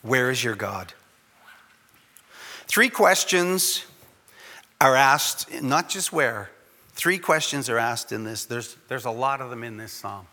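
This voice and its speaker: Animated male preacher in a reverberant hall. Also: mid-range voice, takes it slowly, pauses often. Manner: conversational, animated, acts out quoted voices. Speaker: pastor. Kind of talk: sermon.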